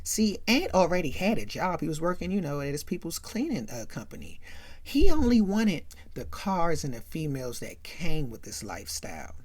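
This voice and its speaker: A woman's voice: deep voice, normal speed. A woman hosting a chatty, casual movie recap, often checking in with "right?". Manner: chatty, animated, keeps asking "right?". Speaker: host.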